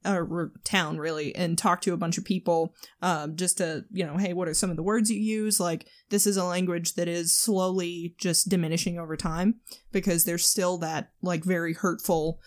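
A woman's voice: fairly low pitch, level tone. Chatty enthusiastic woman in casual talk. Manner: chatty and enthusiastic, quick asides, imitates Southern speech playfully. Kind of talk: casual chat.

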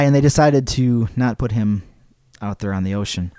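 A man's voice: mid-range voice, moderate pace, mellow, smooth, no echo. Casual male podcast host telling history. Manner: casual, digressive, reads quotes aloud.

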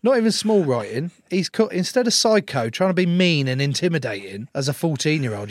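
Brisk and with few pauses, this young man's fairly high voice swings widely in pitch, recorded with no echo. A professional rugby player appearing as a guest in a laid-back interview, he tells jokey, sweary stories and acts out what people said.

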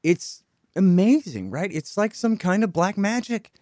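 A man's voice: high-pitched, sing-song, a little slow, a little mellow, no room sound, studio quality. Sarcastic man hosting political talk. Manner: sarcastic, mocking mimicry. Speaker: show host. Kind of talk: political commentary chat.

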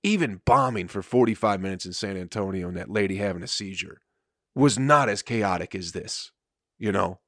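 A man's voice: low-pitched, moderate pace, a bit bright, no room sound, clean studio sound. A man, a comedian and podcast host, telling a rambling, profane story in casual chat with frequent laughter.

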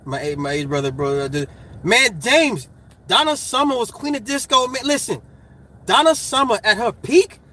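Husky, hyped-up man ranting casually. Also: very high-pitched, normal speed. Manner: animated, profane, gets hyped and laughs. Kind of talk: casual chat.

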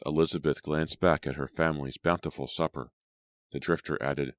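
A man narrating an audiobook in a steady, measured reading. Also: extremely low pitch, no echo. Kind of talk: scripted narration.

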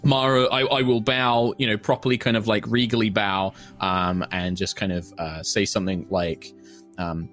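A man's voice: on the low side, normal speed, hardly any pauses, soft background music. A man describing his character's actions in a tabletop role-play, chatty with many fillers. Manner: chatty, lively, many likes and ums. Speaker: player.

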